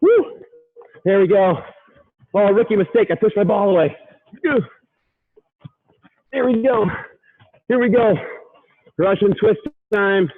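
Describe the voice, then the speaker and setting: A man's voice: high voice, fairly even intonation, a little slow, pauses often. A man coaching a workout, upbeat, counting reps and urging listeners on, sometimes out of breath. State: out of breath at times. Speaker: fitness coach. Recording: tinny phone-like sound.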